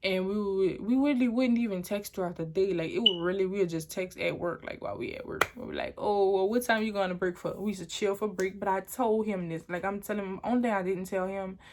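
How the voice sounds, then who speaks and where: A woman's voice: medium pitch, a little fast, few pauses, noisy background. Young woman rambling through a storytime. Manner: animated, rambling storytelling with many restarts. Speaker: vlogger. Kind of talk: storytime vlog.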